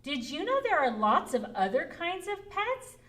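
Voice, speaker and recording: A woman librarian hosting a preschool storytime, talking gently in a sing-song way to small children. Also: high-pitched, sing-song, moderate pace.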